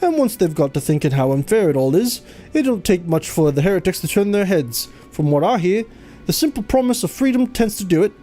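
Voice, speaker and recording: A streamer voicing a blunt, low-born male soldier in a video game, in a rough, put-on working-class accent. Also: sing-song, brisk, mellow, faint music behind, close to an everyday voice. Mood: gruff.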